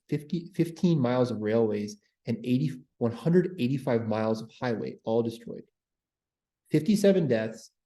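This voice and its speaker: Mellow-voiced history livestream host. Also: male voice, mid-range voice, reverberant. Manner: lively, repeats words, jokes with viewers. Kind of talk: livestream history talk, reading chat.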